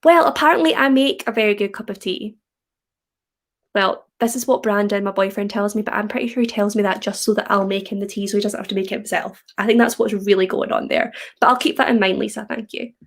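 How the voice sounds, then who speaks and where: A young woman from Scotland with a softened Scottish accent, chatting casually on a livestream and reading viewer comments aloud. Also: mid-range voice, fairly even intonation, fast. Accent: Scottish, softened by English. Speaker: livestream host.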